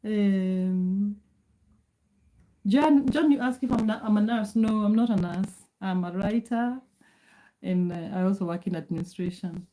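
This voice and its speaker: Kenyan-born woman in her forties, calm measured livestream host, mellow dark voice. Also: medium pitch, slight background noise, low-quality recording. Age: 40s. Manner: reads out viewer names and answers chat. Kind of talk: casual livestream chat.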